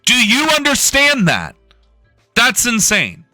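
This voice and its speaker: A man's voice: very high voice, huge pitch swings, takes it slowly, sharp tone, no room sound, soft background music. A young man from the United States hosting a political live stream, ranting in a profane, sarcastic way.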